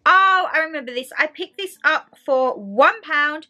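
Bright chatty woman. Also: sits high, lively intonation, a little slow, lo-fi sound. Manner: chatty, addresses viewers as "my lovelies". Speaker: haul vlogger. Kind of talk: casual product haul chat.

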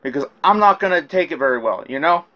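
A man's voice: fairly high pitch, lively intonation, fast, lo-fi sound. Rambling, profane man with a raised voice. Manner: profane, rambling, with many restarts. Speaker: rapper telling his side of a feud. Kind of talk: casual rant recounting messages.

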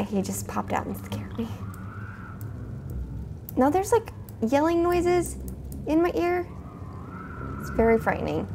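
A woman playing a spooky video game, chatting to her viewers in a jumpy, excitable way. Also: fairly high pitch, slight background noise. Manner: jumpy, chatty, talks to viewers, frequent gasps and exclamations. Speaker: gaming video host. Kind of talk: let's play commentary.

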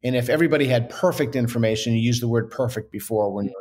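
Man, interview guest, average pitch, earnest, reasoning aloud, frequent restarts. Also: fast talker, a little mellow. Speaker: author and guest. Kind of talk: interview conversation.

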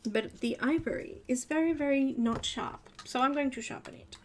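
An Australian woman with a high voice chats and giggles at a moderate pace while coloring live, talking to herself as she draws. She hosts an art tutorial, and a little hiss or hum sits under the recording.

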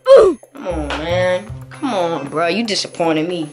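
A woman talking casually to her viewers, teasing and slangy, with lots of playful jabs. Her voice sits a bit high for a woman. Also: sing-song, a little slow, music in the background. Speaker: prank video host. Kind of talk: casual vlog narration.

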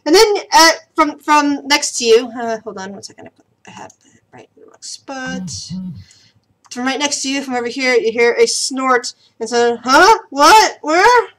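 A woman's voice: sits high, normal speed, fairly bright tone. A woman narrating a tabletop game as game master, often laughing and tripping over her words.

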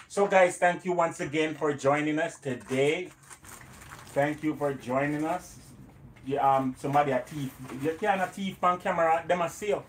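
A man's voice: a little high, slight background noise. Jamaican man chatting on a cooking livestream. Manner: banters with viewers, slips into patois. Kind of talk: casual livestream chat.

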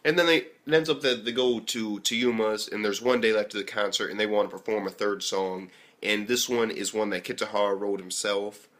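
A young man from the US giving a casual anime review, telling stories animatedly and swearing constantly, jumping between loud outbursts and near-whispered asides. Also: fairly low pitch, fairly even intonation, brisk. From United States. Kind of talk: casual profane review rant.

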